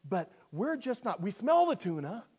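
Animated, lively-voiced male pastor preaching. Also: sits high, normal speed, husky. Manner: animated storytelling, swings from hushed to shouting. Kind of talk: sermon.

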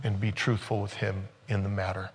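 A man's voice: lowish voice, little pitch movement, a little fast, big-room sound, soft background music. Conversational man preaching a sermon. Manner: conversational, joking asides with laughter. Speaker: pastor.

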